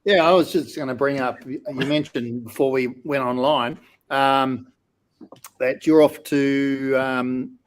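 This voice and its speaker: A man with an Australian accent, co-hosting a casual podcast and asking easygoing, halting questions. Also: medium pitch, steady tone. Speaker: podcast co-host.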